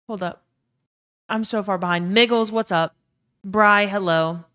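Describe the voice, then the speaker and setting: A woman's voice: medium pitch, slow, fairly bright tone, smooth. A young woman with a Southern US accent chatting casually on a live stream, swearing freely and reading out chat messages. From Louisiana.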